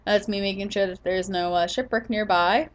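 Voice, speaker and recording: Over a muffled recording, a woman with a mid-range voice talks at a moderate pace through her own gameplay clips for her gaming channel. She sounds drowsy and yawns, wandering off track with many fillers and false starts.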